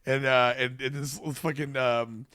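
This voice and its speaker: A man, a touring stand-up comedian, telling stories in casual chat, profane and animated, with stammering restarts. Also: mid-range voice, a little slow, clean tone, no room sound, clean studio sound.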